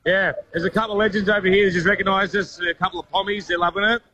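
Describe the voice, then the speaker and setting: Fast-talking Aussie bloke on the phone. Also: male voice, sits high, fairly even intonation, sharp tone, slight background noise. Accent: Australian. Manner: laddish, joking. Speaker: roving radio reporter. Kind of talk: casual banter over phone. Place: outside a busy pub.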